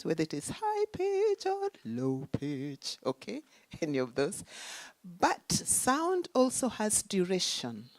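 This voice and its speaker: Low-voiced woman giving a lecture. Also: darkish tone, no room sound. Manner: lecturing, rhetorical questions, emphatic. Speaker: symposium speaker. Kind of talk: academic talk. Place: conference hall.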